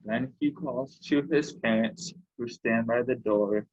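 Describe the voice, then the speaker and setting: Slow, husky-voiced man reading aloud. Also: mid-range voice, a little mellow, lo-fi sound. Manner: slow, unhurried reading with short personal comments. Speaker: library story time reader. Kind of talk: reading picture books aloud to children.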